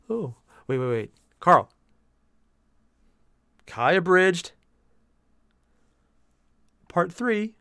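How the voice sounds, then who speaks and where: A young man streaming while he paints miniatures, chatting with viewers in an animated, jokey way. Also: high-pitched, drawn-out words, long pauses, smooth, no room sound. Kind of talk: casual live-stream chat.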